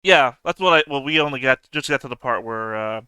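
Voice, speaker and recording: A man chatting casually with fellow tabletop players, animated and profane, laughing as he rants. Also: mid-range voice, fairly quick, clean tone, no echo. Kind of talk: casual chat between game sessions.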